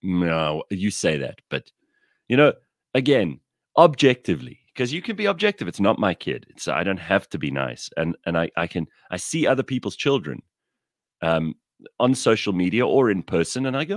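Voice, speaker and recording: A man's voice: sits low, brisk, no room sound, clean studio sound. A man telling blunt, irreverent stories in a casual chat. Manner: animated storyteller, blunt and irreverent. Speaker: podcast co-host.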